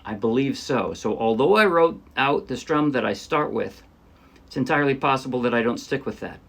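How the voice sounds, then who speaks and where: A man teaching a ukulele song step by step in a relaxed, thinking-aloud way, with fillers and small self-corrections. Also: medium pitch, normal speed. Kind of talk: casual step-by-step music lesson. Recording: ukulele playing under the voice.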